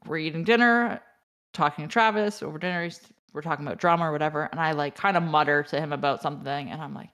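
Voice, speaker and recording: A woman's voice: low voice, fast. A woman guest on a podcast, telling stories with frequent laughter and casual swearing. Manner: animated storyteller, laughs often, swears casually. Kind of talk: casual chat.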